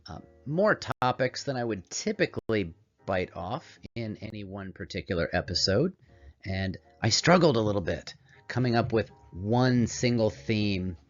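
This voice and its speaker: A man hosting a career coaching show, giving a calm, meditative solo presentation in a put-on radio voice. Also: lowish voice. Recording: slightly dull audio with soft background music. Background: calming music.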